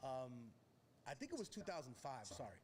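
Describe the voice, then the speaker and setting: A man, a rapper, telling stories in a live on-stage Q&A, animated and profane. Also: medium pitch, normal speed, over a noisy crowd. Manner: animated storyteller, profane, acts out quotes. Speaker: rapper answering audience questions.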